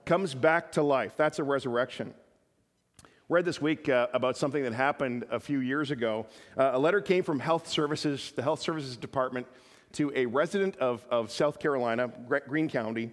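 Joking pastor with a raised pitch. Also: male voice, moderate pace, a bit bright. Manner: conversational, joking asides. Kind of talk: sermon. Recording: reverberant church hall.

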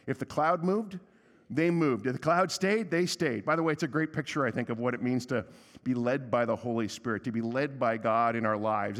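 A man preaching a sermon as pastor, conversational and emphatic, with a humorous aside and a softer voice when he prays. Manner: softer and lower for prayer. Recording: long reverb of a church hall.

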